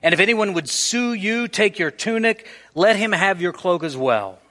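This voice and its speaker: A man preaching a sermon in a church, explaining scripture and acting out everyday scenes in a lively way. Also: high voice, moderate pace, big-room sound. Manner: animated, acts out everyday scenarios. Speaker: pastor. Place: church sanctuary.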